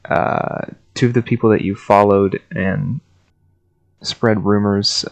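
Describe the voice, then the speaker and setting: Low, gravelly man running a tabletop game. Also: fairly even intonation, slow, poor audio. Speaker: game master.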